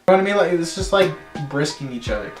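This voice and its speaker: A young man in his teens telling a story in a casual vlog, animated and chatty, slipping into silly voices now and then. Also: on the high side, fast, roomy sound, over music. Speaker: storytelling vlogger.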